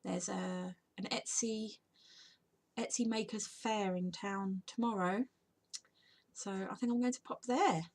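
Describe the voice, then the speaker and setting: A woman's voice: medium pitch, steady tone, slow, darkish tone. A tired woman, chatting casually to camera in an unscripted home vlog, rambling and sometimes dropping to a whisper. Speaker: vlogger and podcaster.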